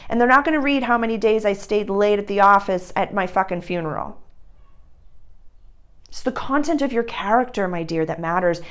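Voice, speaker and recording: A woman giving an intuitive astrology reading, affectionate and rambling, calling the listener dear and honey, with the odd blunt swear word. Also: mid-range voice. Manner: tender and rambling, full of "like". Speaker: astrology reader.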